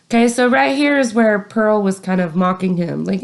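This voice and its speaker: Brief: a woman with a fairly high voice, reading a classic novel aloud with casual commentary. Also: lively intonation, moderate pace, creaky, few pauses. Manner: chatty asides between passages. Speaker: reader.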